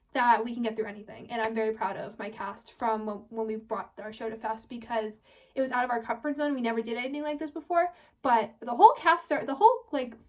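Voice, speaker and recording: A young woman of about eighteen, a high school senior, chatting casually to her viewers, rambling and restarting her sentences. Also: a little mellow, distant mic. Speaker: vlogger. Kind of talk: casual chat to camera.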